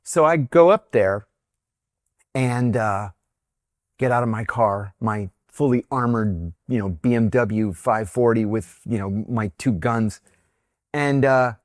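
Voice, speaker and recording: A man telling candid stories as an interview guest, animated and frank, bringing the people he quotes to life. His voice sits at an ordinary male pitch and is recorded close and dry, with no room sound around it. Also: takes it slowly, dry recording. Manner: candid, animated anecdote-teller who acts out quotes. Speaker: interview guest, former intelligence officer. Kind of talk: conversational storytelling.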